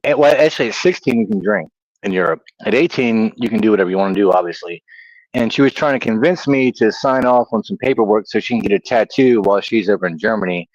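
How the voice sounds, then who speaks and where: A man's voice: lowish voice, no echo, highs cut off. A middle-aged man with a Southern US accent, co-hosting a casual livestream, chatty and laughing at himself. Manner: laughs easily, chatty and self-teasing. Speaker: livestream co-host.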